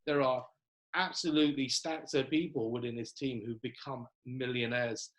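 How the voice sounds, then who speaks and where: A man hosting a live online coaching call, casual and upbeat, reeling off greetings with lots of fillers. His voice sits at an ordinary middle pitch. It comes through a video-call connection. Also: fairly even intonation, moderate pace, fairly bright tone, low-quality recording. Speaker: host.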